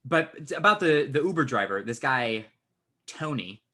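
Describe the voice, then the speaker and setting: Give me a bright, sharp-voiced man retelling a story on a podcast, swearing freely. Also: medium pitch, normal speed. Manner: swears a lot, animated retelling. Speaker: podcast co-host. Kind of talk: casual storytelling chat.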